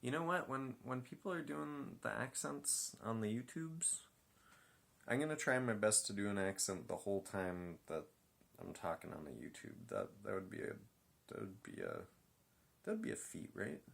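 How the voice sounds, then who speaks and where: Late at night at home, a man reviewing a show for his vlog chats into his phone while stretching, joking, mocking himself, and trailing off mid-thought. His voice is on the low side, creaky and a bit bright, with big pitch swings and a moderate pace.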